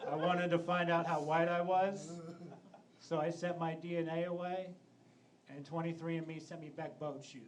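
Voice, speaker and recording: Comedian, 30s man, high voice, deadpan stand-up into a handheld mic, noisy club. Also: moderate pace. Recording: noisy live club recording.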